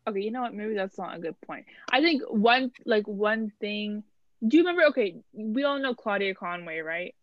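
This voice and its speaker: Young woman, higher voice, casual podcast chat, dull dry recording. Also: no room sound. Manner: animated, chatty, many fillers. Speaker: podcast co-host.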